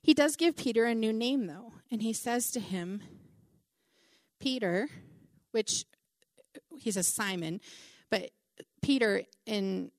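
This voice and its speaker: A middle-aged woman preaching a conversational Bible teaching, animated and chatty, with many asides and "like"s. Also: fairly high pitch, a little slow, dry recording, studio quality.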